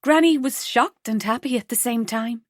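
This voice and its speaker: A woman putting on an eager, lovestruck young woman, her voice lifted higher than the narrator's own and bubbling with excitement. She talks quickly and brightly, recorded in a dry, close booth for a storybook. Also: no room sound, natural voice. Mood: chatty. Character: lively young woman in love, Rose.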